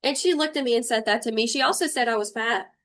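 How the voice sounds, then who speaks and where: A woman's voice: on the high side, quick pace, fairly bright tone. A young adult woman giving a livestream spiritual tarot reading. She talks bluntly and emotionally and swears freely. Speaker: intuitive tarot reader.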